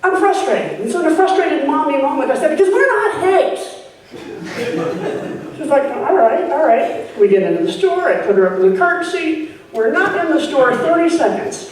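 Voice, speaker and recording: A woman's voice: high-pitched, brisk. A woman in her forties performing a stand-up comedy set, telling stories and acting out quoted lines. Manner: animated storytelling, acts out quotes. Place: stage at a live showcase. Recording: echoey room from far off with noise.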